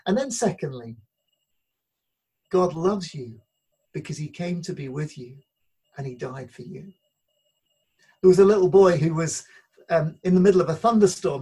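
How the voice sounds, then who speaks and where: A preacher giving an earnest sermon who slows down to read scripture aloud. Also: medium pitch, darkish tone, slightly rough, low-quality recording.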